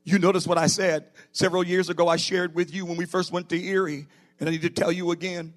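A man's voice: sits high, flat delivery, fast talker. A middle-aged man preaching a sermon in a church as pastor, building to emphatic bursts.

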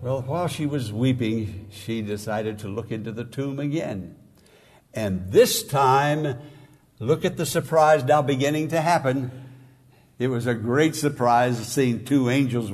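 Slow husky preaching man. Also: a little mellow. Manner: slow, emphatic preaching with sudden rises in pitch and volume. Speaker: pastor. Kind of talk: sermon.

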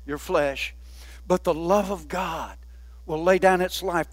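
A man preaching a sermon, often asking the congregation "Amen?" and slowing down to stress key words. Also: on the high side, no room sound. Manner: call-and-response preaching with frequent "Amen?". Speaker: pastor.

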